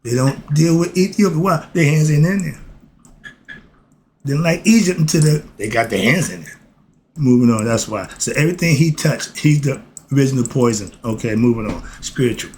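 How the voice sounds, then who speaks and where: A man's voice: mid-range voice, lively intonation, moderate pace, darkish tone. A man giving an informal spoken lesson. His manner is streetwise and preachy; he swears and laughs, flares into heated rants, then apologizes and recollects himself. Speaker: self-styled philosophy teacher.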